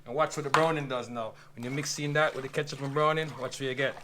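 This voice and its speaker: A Jamaican-accented cook chats casually while cooking, explaining each step in a relaxed way with patois phrases. He talks fast in a mid-range voice over a noisy background, with faint frying sounds behind him.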